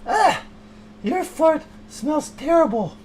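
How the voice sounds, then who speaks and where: A man casually explaining the rules of an improvised comedy scene, in a relaxed, joking way. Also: very high voice, slow, a little hiss or hum.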